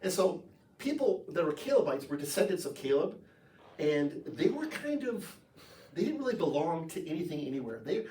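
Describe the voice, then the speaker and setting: An American man preaching a sermon as pastor, in a conversational, animated way with jokes. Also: on the high side, normal speed. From United States. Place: church sanctuary. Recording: echoey room, voice from far off the mic.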